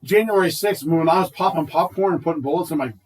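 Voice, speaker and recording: A man co-hosting a loose podcast conversation in a husky, slightly high voice. He rambles, swears, then says sorry when he gets worked up. He sounds set back from the microphone. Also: fast talker, far from the mic, poor audio. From United States. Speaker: podcast co-host. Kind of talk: casual chat.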